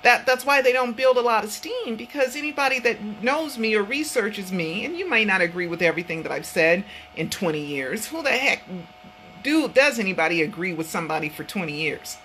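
Woman, vlog host, earnest, rambling, repeats words, bright tone, faint background noise. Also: mid-range voice, animated, a little fast, poor audio. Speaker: online show host. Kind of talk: casual vlog talk. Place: home office.

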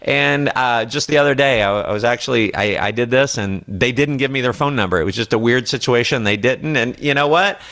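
A network marketing trainer gives a motivational sales talk in a mid-range voice, fairly quick and with hardly any pauses. He speaks confidently and acts out his prospecting lines in a brighter voice.

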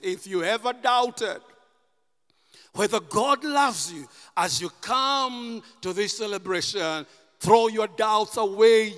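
A man preaching a sermon as pastor, impassioned and rising to shouts. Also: high-pitched, big-room sound. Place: church.

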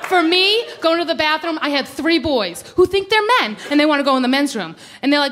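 A woman in her thirties tears through a stand-up set on a club stage. Her voice sits high and she talks in a brash, animated way, throwing herself into loud quoted voices. A faint hum of room ambience sits behind her. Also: quick pace, few pauses. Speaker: stand-up comedian.

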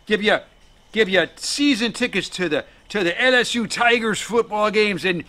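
A cornered Devil haggling his way out of trouble, as a storyteller puts him on. His voice is high and bright, with an eager, wheedling push behind the offers. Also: moderate pace. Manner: wheedling, bargaining.

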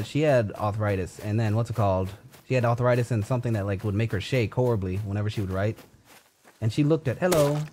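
A man's voice: darkish tone, slight background noise. A young man giving casual commentary while playing a game, laughing often and yelping in panic. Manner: giggly, bursts into high panicked yelps. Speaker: gaming streamer.

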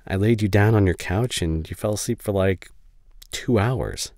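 A man voicing a caring young male best friend in a whispered role-play, speaking softly and haltingly with emotional reassurance. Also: on the low side, no room sound, natural voice. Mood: gentle. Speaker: ASMR voice actor. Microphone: studio condenser mic.

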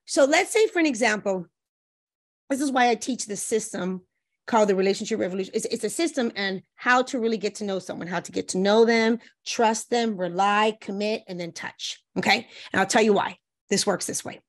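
A woman relationship coach talking as a guest, giving lively advice and acting out playful quotes in different voices. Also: medium pitch, a little fast. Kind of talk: animated advice chat with acted-out quotes.

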